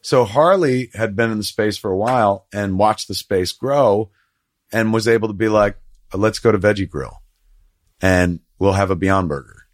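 Profane, low-voiced middle-aged man. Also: normal speed, no room sound, clean studio sound. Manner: profane, rambling storytelling with lively quoted voices. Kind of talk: casual chat.

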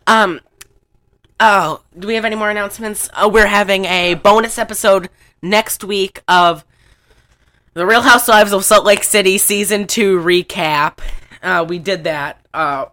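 Brief: woman podcast co-host, casual rambling chat, bright tone, giggly delivery. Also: lowish voice.

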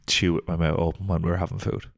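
A man's voice: low-pitched, flat delivery, fast talker, creaky. A young man co-hosting a podcast, chatting bluntly and joking. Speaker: podcast co-host. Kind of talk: casual chat.

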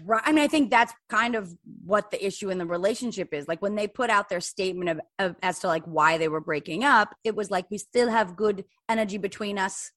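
A woman co-hosts a casual podcast, chatting quickly and easily and bringing in astrology talk. Her voice is mid-pitched, and the recording is dry and close, with almost no room sound. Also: a bit bright, dry recording. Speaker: podcast co-host. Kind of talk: casual chat.

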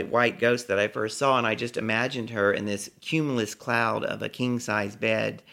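A man telling a personal story with lively delivery, acting out the people in it. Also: fairly low pitch, gravelly. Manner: animated, acts out every character.

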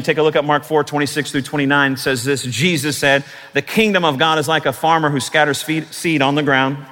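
A man preaching a sermon, building to emphatic, drawn-out declarations and then dropping to softer asides. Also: on the high side, in a large hall. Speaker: pastor.

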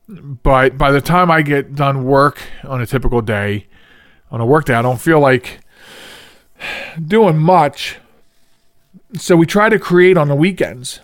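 A man's voice: a little high, no echo, studio quality. A man from the Philadelphia area hosting a podcast alone, chatting casually in a rambling way, often restarting his sentences and laughing at himself. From Philadelphia region. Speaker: podcast host. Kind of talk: casual solo podcast chat.

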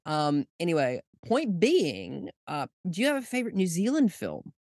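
A man's voice: fairly high pitch, huge pitch swings, normal speed, a little mellow, no room sound, studio quality. A young man hosting a podcast, asking questions in a playful, chatty way and giggling often. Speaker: podcast host. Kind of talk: casual chat.

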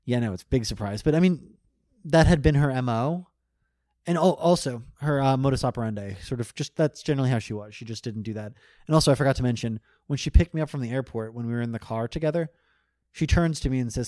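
Guest, male, mid-pitched, loose rambling anecdote with frequent laughs. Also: fast, mellow, dry recording, clean studio sound. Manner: rambling, self-correcting, laughs often. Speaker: guest telling a story. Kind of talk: casual storytelling.

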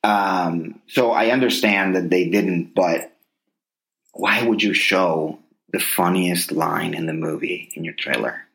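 A man's voice: low-pitched, slow pace, creaky, fairly bright tone, low-quality recording. A man co-hosting a podcast in casual chat, rambling enthusiastically about movies and shows. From grew up partly in a Spanish-speaking place. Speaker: podcast co-host.

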